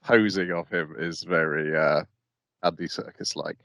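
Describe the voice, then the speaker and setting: A man's voice: low-pitched, steady tone, a little slow, a bit bright, dry recording, studio quality. A man co-hosting an anime podcast, speaking casually and hesitantly with many fillers. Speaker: podcast co-host.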